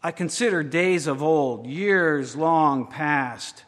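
A man's voice: a little high, slow pace, hardly any pauses, a bit bright. A man preaching a sermon, acting out a worried believer's voice in the first person. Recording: long hall reverb.

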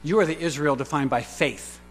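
A man preaching a sermon who fires rhetorical questions at the congregation and swings between quiet asides and loud, emphatic declarations. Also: fairly high pitch, fairly quick, faint music behind. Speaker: pastor. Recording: reverberant hall with faint mains hum.

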